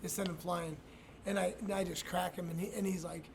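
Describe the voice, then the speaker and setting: A man's voice: high-pitched, level tone, fairly quick, vocal fry, background noise. A middle-aged man, a retired fighter, telling profane, rambling stories in a casual interview, with many restarts and laughs.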